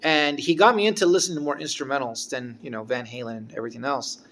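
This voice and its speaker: A man telling a casual personal story about a former guitar teacher, halting and restarting as he goes. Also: mid-range voice, steady tone, a bit bright, slight background noise. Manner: rambling, halting, with frequent restarts.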